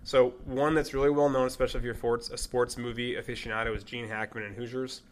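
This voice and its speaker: A man's voice: medium pitch, level tone, fast. A man co-hosting a podcast in casual chat, easygoing and joking. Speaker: podcast co-host.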